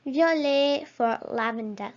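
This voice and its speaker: A woman with a high, light voice leads a vocabulary lesson at an unhurried pace. She pronounces each word carefully and encourages the listener to repeat after her. The recording sounds a little dull and lo-fi. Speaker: language teacher.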